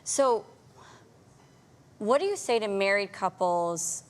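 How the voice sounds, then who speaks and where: A woman hosting an interview, who reflects on her own experience and warmly affirms her guest. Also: mid-range voice, expressive, takes it slowly. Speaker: host. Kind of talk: conversational interview.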